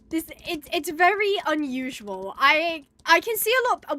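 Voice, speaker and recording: A woman's voice: fairly high pitch, bright, forceful tone. A British woman streaming a game, chatting casually and giggly with lots of fillers. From United Kingdom. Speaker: gaming streamer. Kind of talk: casual live gameplay commentary.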